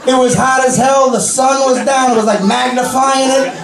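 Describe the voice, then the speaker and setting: A man's voice: very high voice, steady tone, moderate pace, gravelly. A man with a Long Island accent doing a crude, self-mocking stand-up set in a comedy club. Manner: brash, crude punchlines with self-mocking asides. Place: comedy club with a live audience. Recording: roomy club sound from a distant mic with loud crowd.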